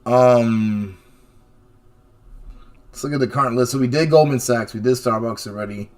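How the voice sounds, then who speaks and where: A man hosting a live trading stream, talking through stock charts in a casual, animated way and often checking in with "okay?" and "right?". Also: mid-range voice, moderate pace. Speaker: stock chart analyst host.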